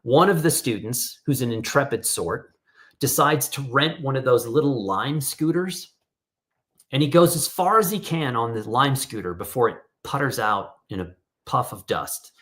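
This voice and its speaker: A middle-aged man leads an online workshop over a video call, his voice sitting in an ordinary middle pitch. He talks in a relaxed, casual way, telling stories and slipping into quick voices for the people he quotes. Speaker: workshop host.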